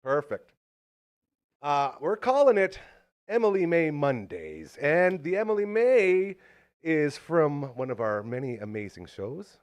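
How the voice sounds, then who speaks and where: A man's voice: a little high, very animated, a little slow. A man hosting a live show, out of breath and talking in a hyped, jokey, self-mocking way. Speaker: host.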